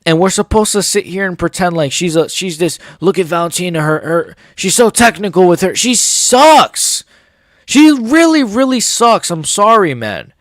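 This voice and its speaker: A young man giving a profane, heated fight reaction as an MMA YouTuber, often swearing and rising into shouts. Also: fairly high pitch, lively intonation, fairly quick, hardly any pauses, no echo, studio quality.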